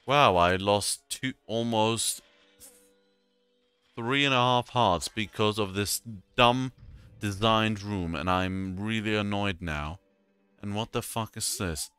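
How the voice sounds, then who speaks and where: Bright, clear-voiced man reacting to a game. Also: fairly low pitch, slow, no room sound, soft background music. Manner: swears and exclaims at the game; joking, rambling reactions. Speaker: let's play gamer. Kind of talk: casual gameplay commentary.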